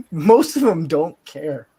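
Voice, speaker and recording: A man's voice: on the high side, sing-song, takes it slowly, mellow, breathy edge. A man chatting casually on a stream, rambling and joking, often cutting himself off mid-sentence. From southern Florida. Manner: rambling, joking, self-interrupting. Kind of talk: casual chat. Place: California home.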